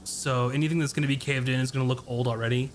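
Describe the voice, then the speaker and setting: A man's voice: mid-range voice, steady tone, fast talker, faint music behind. A man running a tabletop game as game master, describing scenes with frequent ums and uhs.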